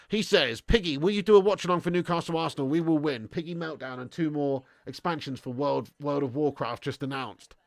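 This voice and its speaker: A man's voice: fairly high pitch, fairly quick, creaky, hardly any pauses, dry recording, studio quality. A tired man hosting a live football watch-along, reading viewer messages with sweary, blokey banter. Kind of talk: live stream chat reading super chats.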